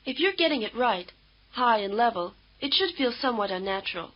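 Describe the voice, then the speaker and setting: A woman instructor giving measured, patient, scripted explanations in a language lesson. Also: a little high, expressive. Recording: dull lo-fi old course tape.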